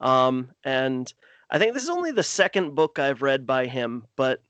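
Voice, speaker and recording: Brief: thoughtful male co-host, smooth voice, hesitant restarts. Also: mid-range voice, very animated, normal speed, fairly bright tone, no echo. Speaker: podcast co-host. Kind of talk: casual chat.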